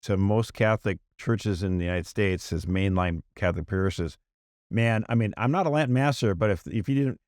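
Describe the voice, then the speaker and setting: Animated, exasperated man on a podcast. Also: fairly low pitch, normal speed, no echo, studio quality. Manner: animated, exasperated, mocking voices when quoting. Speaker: podcast co-host. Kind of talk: casual political chat.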